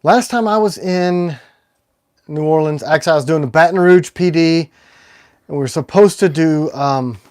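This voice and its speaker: A man's voice: fairly high pitch, normal speed, darkish tone, clean tone. Rambling, jokey middle-aged man. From Upper Peninsula of Michigan. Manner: rambling and jokey, often laughing. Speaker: knife maker hosting a livestream. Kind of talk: casual chat.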